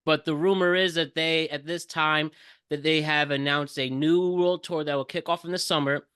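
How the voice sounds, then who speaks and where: Guy cohosting a podcast, bright clear voice, kinda high, dry close sound. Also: normal speed, no echo. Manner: lively, delivers news-style rundowns. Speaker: podcast co-host. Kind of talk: casual chat.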